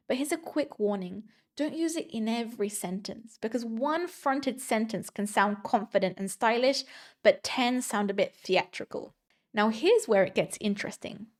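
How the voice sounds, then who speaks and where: A woman with a slightly high voice leads a scripted grammar lesson for exam students. She talks in a clear, measured way and slows down whenever she reads an example sentence aloud. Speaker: English exam teacher.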